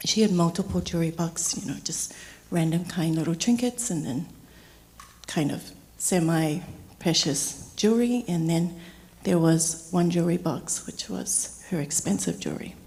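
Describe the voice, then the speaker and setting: A middle-aged woman speaking gently and slowly as she shares a heartfelt memorial tribute for her uncle. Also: lowish voice. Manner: gentle, slow and heartfelt storytelling. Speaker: niece giving a eulogy. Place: memorial service hall. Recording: long hall reverb.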